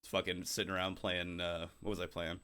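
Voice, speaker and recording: A man's voice: low voice, monotone, brisk, pushed and bright, clear, resonant tone. Rambling, profane podcast guy. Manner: rambling, profane, laughs a lot. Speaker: podcast co-host. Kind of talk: casual chat.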